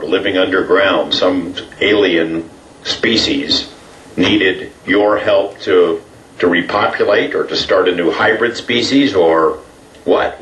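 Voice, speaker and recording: A man's voice: sits low, fairly bright tone. A man interviewing a guest, asking probing questions hesitantly with many fillers. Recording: roomy, distant mic, faint noise.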